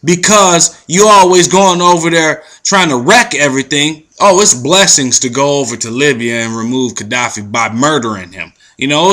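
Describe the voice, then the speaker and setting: Bright-voiced man ranting in slang. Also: mid-range voice. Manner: profane, animated, confrontational street slang. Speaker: commentary vlog host. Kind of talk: ranting news commentary.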